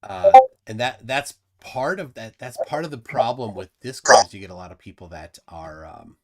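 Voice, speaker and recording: A man's voice: mid-range voice, animated, moderate pace. A man hosting a live stream in casual chat, rambling with many restarts and fillers. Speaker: livestream host.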